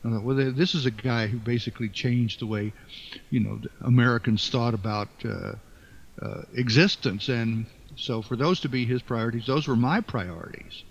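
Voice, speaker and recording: An older man being interviewed as an author, speaking in a halting, thoughtful way with many fillers and restarts. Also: medium pitch, creaky. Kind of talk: reflective interview talk. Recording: dull lo-fi sound.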